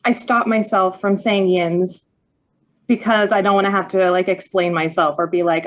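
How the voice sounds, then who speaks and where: A woman's voice: medium pitch, fairly even intonation, moderate pace. A woman from Pittsburgh hosting a talk show, chatting casually and laughing easily. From Pittsburgh, USA. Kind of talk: casual chat interview.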